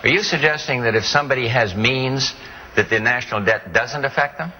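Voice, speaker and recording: A man's voice: medium pitch, a little fast, long reverb tail, crowd noise, low-quality recording. An older man on a panel answering a question hesitantly, with fumbling restarts.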